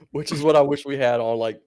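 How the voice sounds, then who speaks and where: A man's voice: mid-range voice, darkish tone, dry recording, studio quality. A man co-hosting a podcast, telling stories in a rambling, casual way and laughing often. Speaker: podcast co-host.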